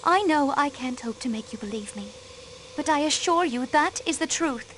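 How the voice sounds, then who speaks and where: An actress playing a guarded countess in a murder mystery game who is hiding a painful past. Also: female voice, sits high, lively intonation, normal speed, fairly bright tone, slight background noise. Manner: cool and guarded, breaks into grief.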